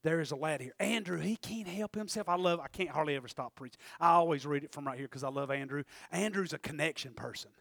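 A male pastor preaching an impassioned sermon in a church, swinging from shouts to hushed asides. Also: a little high, quick pace, creaky, hardly any pauses, no echo, clean studio sound. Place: church sanctuary.

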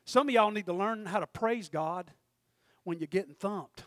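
A preacher with a strikingly high voice delivers a sermon at a moderate pace, swinging between hushed asides and full shouts as he acts out his own prayers. The sound is close and dry, with no room around it.

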